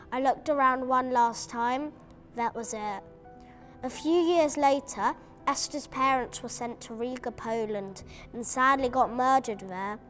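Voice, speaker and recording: A woman reading a prepared account aloud at a memorial event, measured and earnest. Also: a little high, fairly bright tone.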